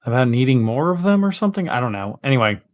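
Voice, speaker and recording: A man's voice: mid-range voice, very animated, quick pace. A man acting as game master, chatting loosely and laughing easily during a tabletop game session. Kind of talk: casual tabletop game chat.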